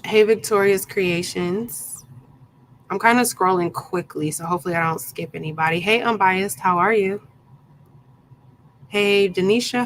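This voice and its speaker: A woman's voice: mid-range voice, slight background noise, rough recording. A woman hosting a live craft tutorial, chatting casually and greeting her viewers one by one by name, with plenty of ums along the way. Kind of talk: casual live-stream chat.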